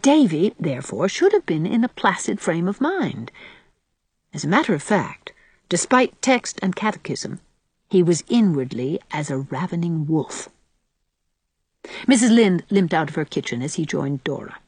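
A woman reading a storybook aloud in an expressive, dramatic way. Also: fairly low pitch, moderate pace, slightly rough, no room sound. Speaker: audiobook narrator. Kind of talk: storybook narration.

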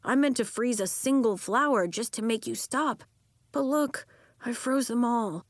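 A woman voicing a worried young boy in a storybook, with a thoughtful, measured and somewhat glum delivery. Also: a little high, no echo, studio quality. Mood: rueful. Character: worried young boy with fire and ice powers.

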